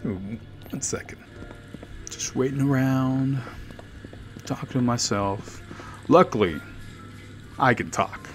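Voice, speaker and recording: With a medium-pitched voice, this gaming video host talks slowly and leaves long pauses. He casually comments on his gameplay in a let's play, cracking jokes and chatting with the characters and himself while faint game music plays.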